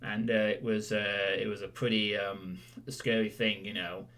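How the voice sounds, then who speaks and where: A man's voice: fairly low pitch, little pitch movement, unhurried, a bit bright. A man hosting his stream, rambling casually and joking as he recaps past events for viewers. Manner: rambling, self-correcting, jokey. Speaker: streamer host.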